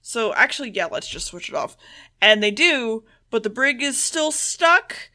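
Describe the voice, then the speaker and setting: A woman co-hosting a podcast, recapping an episode in loose casual chat with swearing and quick character asides. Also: on the high side, expressive, bright, forceful tone. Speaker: podcast co-host.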